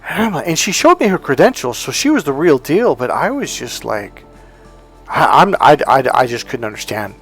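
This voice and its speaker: A life coach telling a personal story in a blunt, emphatic way, with casual cursing. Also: male voice, a little high, very animated, moderate pace, a bit bright, breathy edge, faint music behind. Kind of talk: storytelling monologue.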